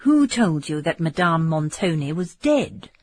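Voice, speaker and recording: A woman voicing a cold, domineering man who rules a castle, speaking slow and curt. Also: low-pitched, big pitch swings, darkish tone, dry recording, full character voice. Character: cold, domineering older male castle lord.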